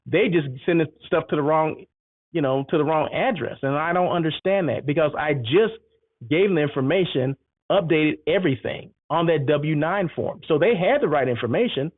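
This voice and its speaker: A man talks straight to his audience in a casual monologue, acting out the back-and-forth of a story with lively energy. His voice sits a little high, and the sound is dry and thin like a phone call. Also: moderate pace, no room sound. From United States. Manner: animated storytelling, acts out exchanges. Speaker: host.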